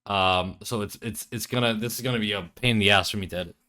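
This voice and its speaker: A man's voice: fairly low pitch, fast talker, bright, forceful tone. A young man reacting to clips in a profane commentary video, sarcastic and mocking, often stumbling over his words. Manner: stammering restarts. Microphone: headphones and desk mic.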